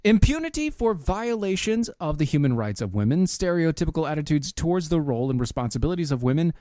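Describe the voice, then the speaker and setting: A man co-hosting a casual commentary show, sarcastic and quick to interject, at times reading lists aloud. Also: on the high side, big pitch swings, darkish tone, no echo. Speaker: podcast co-host.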